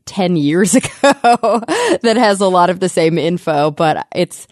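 Lively woman explaining science. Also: fairly low pitch, unhurried, no room sound, studio quality. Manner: lively explainer, laughs often. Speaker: podcast co-host explaining science news. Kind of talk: casual chat.

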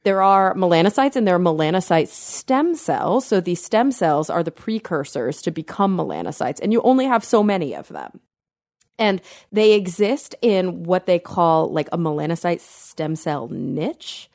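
Woman, podcast co-host, low gravelly voice, dry close sound, chatty science explainer. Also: sing-song, moderate pace, a little mellow, no room sound. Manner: chatty explainer, thinks aloud with fillers and self-corrections. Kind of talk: casual science chat.

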